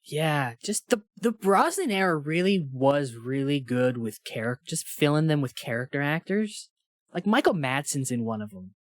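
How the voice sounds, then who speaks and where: A man co-hosting a podcast in casual chat, talking animatedly and jumping high when he voices his own thoughts. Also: moderate pace, dry recording, clean studio sound. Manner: animated, rising into high-pitched asides. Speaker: podcast co-host.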